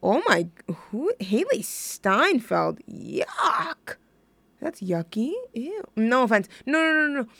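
A woman's voice: on the high side, very animated, slow, creaky, fairly bright tone, no room sound. A young woman hosting a music radio show, chatting casually in a giggly, rambling way that keeps interrupting itself. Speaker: radio host. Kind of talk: casual chat.

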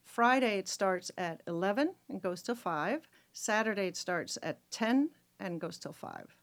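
A woman guest on a radio talk segment, chatting loosely about a festival. She stops and restarts often and fills gaps with "um" and "you know". Her voice sits at a middle pitch. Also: expressive, measured pace. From Denmark. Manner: chatty, hesitant, many fillers and restarts. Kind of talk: casual radio chat.

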